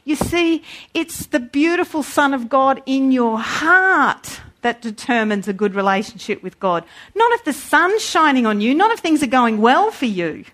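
A woman preaching a sermon in an animated way, acting out voices when she quotes. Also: sits high, a little slow.

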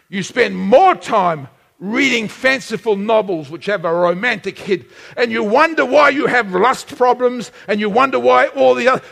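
Male preacher, passionate sermon, high, animated delivery that climbs to shouts. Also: vocal fry, husky, big-room sound. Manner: impassioned, shouting at peaks, dramatic swings.

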